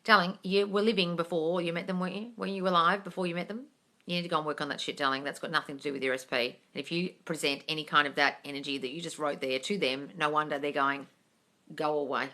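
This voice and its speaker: Speaking quickly in a low voice, a woman hosts a live Q&A stream with casual chat. She is blunt and swears, calls viewers "darling," and swings between soft coaxing and excited squeals.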